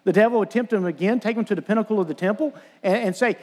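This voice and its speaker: A man's voice: sits high, fast talker, few pauses, a little mellow. A man preaching a sermon, earnestly retelling scripture and acting out the voices of mockers.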